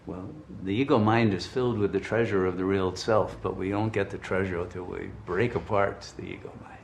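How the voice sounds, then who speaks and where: A man giving a spiritual talk, telling a story in an animated, chuckling way with frequent restarts. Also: sits low, brisk, gravelly, roomy sound, a little hiss or hum. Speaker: spiritual teacher.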